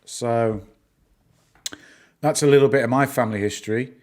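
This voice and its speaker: Northern English male host, middle-aged, mid-pitched, casual streaming chat, lots of ums. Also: moderate pace, darkish tone. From northern England. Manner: chatty, rambling, answers chat, lots of fillers. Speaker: livestream host.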